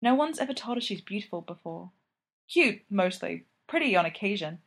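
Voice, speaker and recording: Woman reading a story out loud, calm, even. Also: medium pitch, normal speed, vocal fry, slightly rough. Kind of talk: fan fiction reading.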